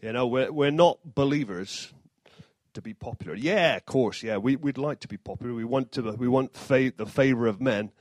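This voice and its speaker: A man's voice: mid-range voice, normal speed, darkish tone, no echo. A man giving an informal sermon, mixing scripture with jokey asides and self-deprecating humor. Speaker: preacher.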